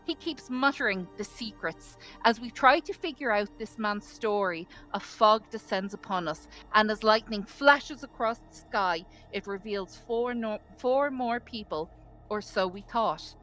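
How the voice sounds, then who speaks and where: A woman's voice: mid-range voice, a little slow, faint music behind, low-quality recording. A woman reading her character's adventure journal aloud to a tabletop group. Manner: nervous at first, then steady reading.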